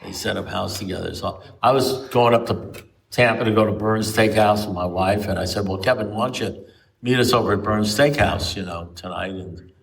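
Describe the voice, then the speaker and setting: A man with a lowish, vocal-fry voice speaks at normal speed to a recovery group, telling meandering stories and frequently starting over. The recording comes from the meeting room, with the mic far away.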